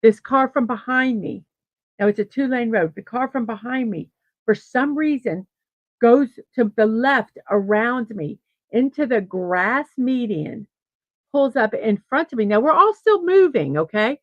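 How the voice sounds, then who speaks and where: A woman's voice: on the high side, animated, a little slow, dry recording. Middle-aged lady rambling thru a story on her morning stream, lots of restarts, kinda muffled dry mic. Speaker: host of a daily morning livestream. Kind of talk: casual storytelling and chat reading viewer comments.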